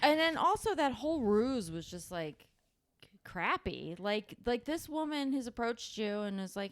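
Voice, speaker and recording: Smooth-voiced woman retelling a scene. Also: fairly high pitch, a little slow, dry recording. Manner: animated retelling, acts out lines. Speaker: podcast co-host. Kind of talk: casual chat.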